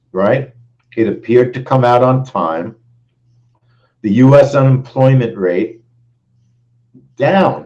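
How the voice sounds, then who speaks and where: This trading show host goes over a live-stream trade recap with emphasis, saying his phrases more than once. The recording is muffled, and his low-leaning voice is a little mellow.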